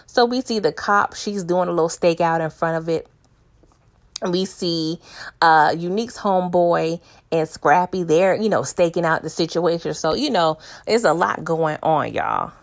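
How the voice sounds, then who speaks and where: A woman recaps a TV episode in a relaxed, chatty way, talking straight to her viewers. Her voice sits a little low with a gravelly, fried edge. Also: normal speed. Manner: chatty, addresses viewers as y'all. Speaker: TV recap vlogger. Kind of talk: casual recap chat.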